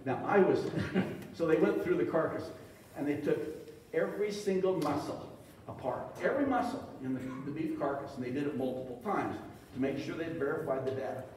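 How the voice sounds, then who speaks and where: Middle-aged man, folksy storytelling speaker with a slightly high voice, recorded far off in an echoey hall. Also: a little fast, a little mellow, a little hiss or hum. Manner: folksy, joking anecdotes to a live audience. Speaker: beef industry speaker. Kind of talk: storytelling conference talk. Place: meeting hall.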